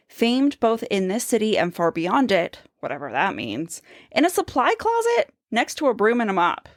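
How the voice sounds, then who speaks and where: Lively, expressive woman book podcaster. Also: mid-range voice, no echo, studio quality. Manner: reads quotes aloud and poses questions. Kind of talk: casual literary analysis chat.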